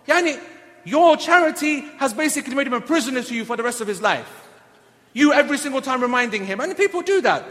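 A man giving a lively sermon, telling stories and acting out the people in them. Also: very high-pitched, fast talker. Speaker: preacher. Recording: long hall reverb.

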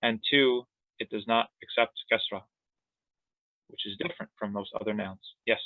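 A man's voice: fairly low pitch, moderate pace, dry recording. A man teaches a grammar lesson in a playful, joking manner. His voice comes through a thin, phone-like line. The sound is dry, with no room around it. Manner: playful, jokey explanations with laughs and siren sounds. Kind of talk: online class lesson.

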